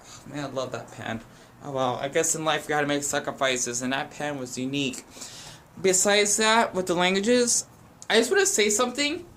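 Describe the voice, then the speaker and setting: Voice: medium pitch, sharp tone, slight background noise. A young adult vlogger talking at home in a chatty, wandering, self-deprecating way. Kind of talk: casual rambling chat.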